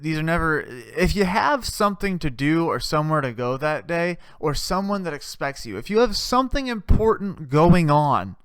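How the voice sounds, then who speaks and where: High-voiced man ranting sarcastically. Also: fairly bright tone, clean tone, no room sound, studio quality. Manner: profane, rambling, sarcastic. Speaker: podcast host. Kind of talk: casual comedic rant.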